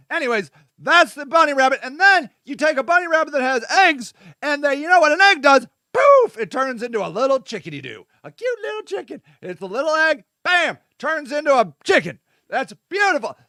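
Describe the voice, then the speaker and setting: Host, male, very high bright voice, dry close sound, loose irreverent riffing with shouted bursts. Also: big pitch swings, moderate pace, no room sound. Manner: vamping, talks to his audience. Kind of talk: casual solo monologue.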